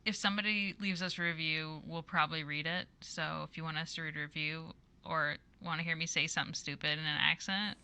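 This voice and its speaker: Bright chatty woman podcast host, laughs a lot. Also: low voice, fairly even intonation, fairly quick, few pauses, clear, resonant tone. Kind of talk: casual podcast chat.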